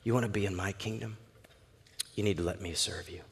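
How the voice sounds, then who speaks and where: A man preaching who voices a calm, gentle male teacher, dropping low and quiet and speaking slowly. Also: slight background noise, close to an everyday voice. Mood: gentle firm. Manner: soft, slow and low.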